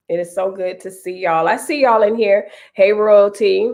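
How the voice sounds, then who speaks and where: A woman's voice: medium pitch, normal speed, darkish tone. A woman in her thirties, stuffy and nasal from a cold, chatting casually with viewers on a live stream and greeting them by name.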